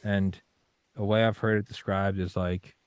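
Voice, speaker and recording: Deep-voiced young man, intense and profane. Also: little pitch movement, measured pace, smooth, dry recording. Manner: intense, swearing, acts out his own panicked inner voice. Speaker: podcast guest. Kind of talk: casual interview talk.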